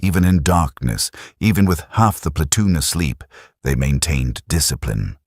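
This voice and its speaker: Deep, husky male story narrator. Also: lively intonation, normal speed, darkish tone, no echo, clean studio sound.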